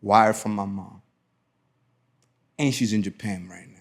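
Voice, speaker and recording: A man hosting a podcast, telling a personal story in casual chat, lively and quick to act out what others said. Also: lowish voice. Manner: animated storytelling, acting out quotes. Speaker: podcast host.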